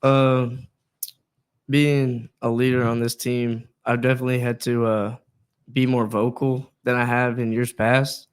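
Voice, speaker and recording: A teenage football player speaks earnestly about leading his team, measured and with filler words. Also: mid-range voice, flat delivery, clean tone. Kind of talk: casual interview chat.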